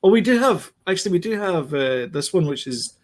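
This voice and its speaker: A man hosting a podcast, talking in a relaxed, hesitant way with plenty of "uh". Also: high voice, a little fast. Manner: relaxed and hesitant, full of "uh" while wrapping up. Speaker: podcast host. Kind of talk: casual chat.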